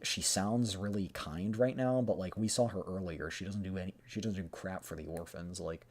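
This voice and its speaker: A man's voice: sits low, normal speed, few pauses, darkish tone. A man commenting casually during a live stream, rambling and sarcastic, with lots of fillers.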